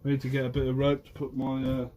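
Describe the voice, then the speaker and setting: A man's voice: mid-range voice, monotone, fast talker, dark tone, slight background noise. A young man from Guernsey, a fisherman chatting casually on a phone live stream and answering viewers by name. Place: outdoors by the shore.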